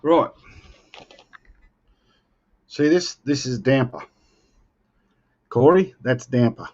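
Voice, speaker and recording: A man's voice: mid-range voice, takes it slowly, a little mellow, dull audio. An Australian man chatting casually with viewers on a live stream, joking and playfully defending himself. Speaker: livestream host.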